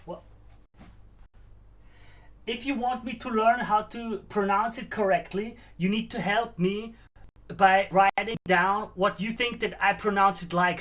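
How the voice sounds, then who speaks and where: A man whose voice is high-pitched and a little bright chats loosely through a cooking livestream in a home kitchen, responding to his chat and wondering aloud as he works.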